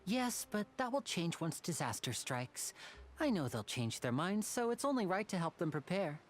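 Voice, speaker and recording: An actress playing an earnest woman in a game, speaking in a measured, determined way. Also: on the low side, sing-song, slight background noise.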